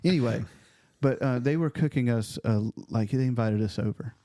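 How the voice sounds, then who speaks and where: A man's voice: mid-range voice, moderate pace, dark tone, no echo. A man co-hosting a faith podcast in casual chat, telling rambling stories and laughing as he goes. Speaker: podcast co-host.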